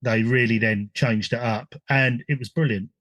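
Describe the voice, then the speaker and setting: English man, podcast host, mid pitch, chatty, dry close mic. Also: steady tone, moderate pace, fairly bright tone, no room sound. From England. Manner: chatty, with many ums and restarts. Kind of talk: casual gaming chat.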